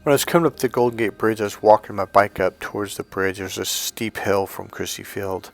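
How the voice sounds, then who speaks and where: Low-voiced, blunt, swearing male coach. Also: fairly quick, gravelly, soft background music. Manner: blunt, profane, acts out both sides of conversations. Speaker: dating coach. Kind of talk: storytelling to camera.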